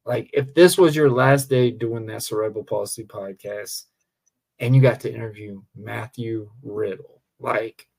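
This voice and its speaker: A man's voice: on the low side, unhurried, creaky, darkish tone, slightly rough. A man, a pro wrestler guesting on a podcast, chatting casually and enthusiastically, rambling and often saying "man.".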